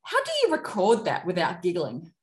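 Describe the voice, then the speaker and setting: A woman's voice: lowish voice, wildly swooping pitch, normal speed. A woman hosting a podcast interview, friendly and appreciative, laughing easily with her guest. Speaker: podcast host. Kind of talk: casual interview. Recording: roomy echo.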